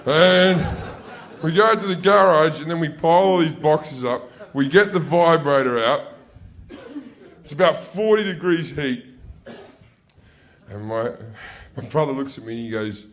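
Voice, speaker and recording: An Australian stand-up comedian spinning rude childhood stories on stage. His voice sits a little high for a man, and he tells it loose and profane, with sudden yelled bits where he plays his family. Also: normal speed. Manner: profane, loose, jumps into loud yelled impressions. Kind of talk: stand-up storytelling. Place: stage before a laughing audience.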